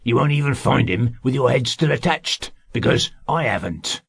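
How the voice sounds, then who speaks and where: A man voicing a sly, greedy male servant who schemes slowly in a husky, gravelly drawl. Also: medium pitch, expressive, no room sound. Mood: scheming.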